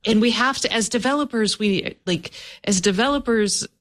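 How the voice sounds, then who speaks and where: Earnest, exasperated woman journalist. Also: on the high side. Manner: earnest, exasperated, quick to push back. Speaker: journalist co-host. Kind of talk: casual chat.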